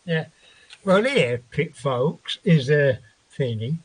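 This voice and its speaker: A man with a slightly husky, fairly high voice tells a long story as a guest on a chat show. He rambles, swears and acts out the voices of people in his tale. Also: lively intonation, takes it slowly. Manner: rambling, profane, acts out quotes.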